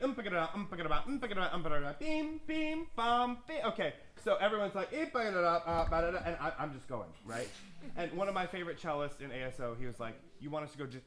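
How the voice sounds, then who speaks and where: A man conducting a youth orchestra rehearsal, counting beats, singing parts and giving brisk, joking instructions. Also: mid-range voice, a little hiss or hum. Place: concert stage with orchestra. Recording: roomy stage, orchestra nearby.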